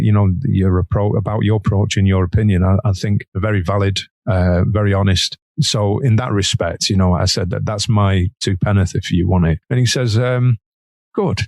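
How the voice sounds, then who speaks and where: A man's voice: fairly low pitch, gravelly, dry recording, clean studio sound. A man, a guest guitarist, telling stories in a casual interview, laughing often and acting out the voices of others. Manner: animated storyteller, laughs often, acts out quoted voices.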